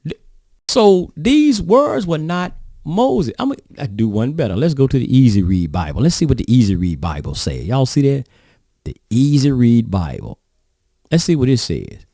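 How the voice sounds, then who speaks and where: A preacher man with a mellow, dark voice, repeatedly putting rhetorical questions to his listeners in a folksy sermon. The sound is dry and close, with little room around it. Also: mid-range voice, wildly swooping pitch, normal speed, dry recording. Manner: folksy, rhetorical questioning, addresses audience as y'all. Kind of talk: sermon reading and commenting on scripture.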